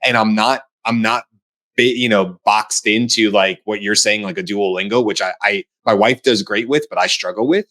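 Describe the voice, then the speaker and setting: Low-voiced animated American co-host. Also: male voice, normal speed. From United States. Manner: animated, acts out quoted voices. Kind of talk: casual panel discussion.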